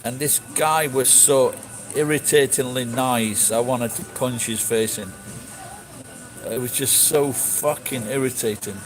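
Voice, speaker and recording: A man talking off the cuff to his viewers, swearing freely and restarting his sentences as he goes. His voice sits at an ordinary middle pitch, and music plays clearly behind him. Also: fairly even intonation, unhurried, rough recording. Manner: blunt, sweary, rambling with restarts. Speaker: streamer answering chat. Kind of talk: casual chat.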